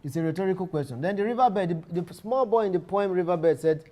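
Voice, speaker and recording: A man lectures on literature in a slightly high voice. He repeats each key phrase and often breaks off to restart a sentence. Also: fast, darkish tone. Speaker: literature teacher.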